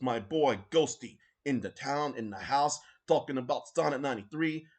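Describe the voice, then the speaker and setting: A man's voice: medium pitch, normal speed, few pauses. A man giving a sarcastic, mocking reaction commentary, swearing and mimicking the voices of others. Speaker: commentary YouTuber.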